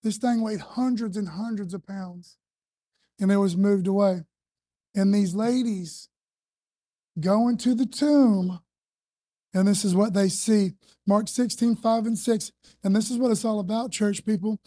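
A woman's voice: on the high side, normal speed, dark tone, no room sound. Casual, slangy woman preacher. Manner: conversational, slangy, emphatic. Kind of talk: sermon.

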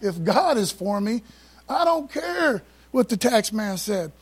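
A man preaching with a rather high, husky voice. He talks to his listeners in a loose, conversational way, dropping slang and asides between scripture readings. He gets excited and rushes ahead when fired up. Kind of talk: sermon.

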